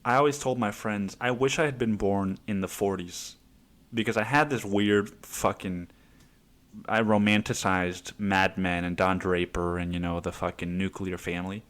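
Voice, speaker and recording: A man's voice: deep voice, steady tone, normal speed, fairly bright tone. A man in his twenties hosting a podcast, rambling casually with lots of swearing and laughter. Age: 20s. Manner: rambling, profane, laughs often. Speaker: podcast host. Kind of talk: casual monologue.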